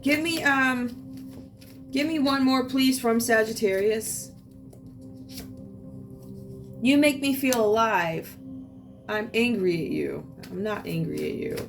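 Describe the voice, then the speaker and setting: Woman tarot reader, sassy and outspoken, a bit off mic, loud music underneath. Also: on the high side, lively intonation, unhurried, distant mic. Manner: sassy, outspoken, asks the cards to speak. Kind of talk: tarot card reading, talking to viewers.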